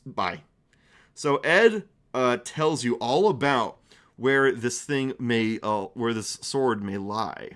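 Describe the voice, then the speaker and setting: A man's voice: medium pitch, takes it slowly, a bit bright. A man streaming as game master, narrating a tabletop game in a rambling, playful way. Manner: rambling and playful, with many restarts and fillers.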